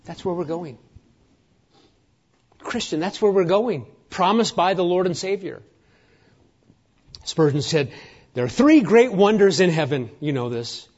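A man preaching a sermon, emphatic and rousing, sometimes dropping to a hushed near-whisper. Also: high voice, lively intonation, measured pace, pauses often, dull audio. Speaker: pastor.

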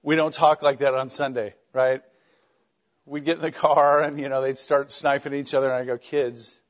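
A man's voice: medium pitch, level tone, brisk. A middle-aged man teaching a class, lecturing conversationally with wry jokes and questions to students. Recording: dull lo-fi classroom recording.

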